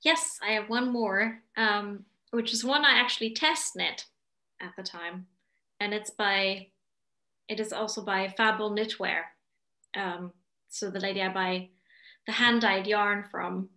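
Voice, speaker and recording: Casting: German-born woman guest, bright and crisp, giggly, roomy video-call echo. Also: mid-range voice, steady tone, unhurried. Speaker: guest knitter. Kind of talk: casual video chat.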